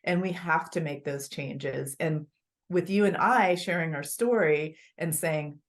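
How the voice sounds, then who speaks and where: A woman guest on an interview show speaks in a notably low voice. She talks about her work in an earnest, animated storytelling way. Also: measured pace. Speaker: author and guest. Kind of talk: conversational interview.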